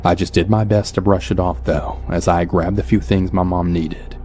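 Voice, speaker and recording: A man narrating a true horror story in the first person, calm and even. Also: low-pitched, normal speed, a little hiss or hum. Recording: soft background music.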